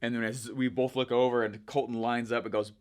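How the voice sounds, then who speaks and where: A young man coaching viewers in a chatty, energetic way, checking in with "right?" as he explains. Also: mid-range voice, a little fast. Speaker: online marketing coach. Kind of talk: casual teaching monologue.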